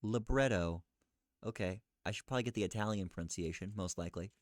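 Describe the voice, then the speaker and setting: A man with a fairly low voice muses out loud while he searches for answers, asking himself questions and reading results back haltingly. The sound is dry and close, with no room to it. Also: steady tone, no room sound. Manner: muttering, self-questioning, reading aloud haltingly. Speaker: streamer researching live.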